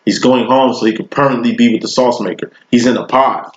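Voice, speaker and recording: A man's voice: mid-range voice, quick pace. A man giving a casual tarot reading, talking in a loose, slangy, profane way and spinning long rambling analogies. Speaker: tarot reader. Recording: roomy, dull lo-fi recording.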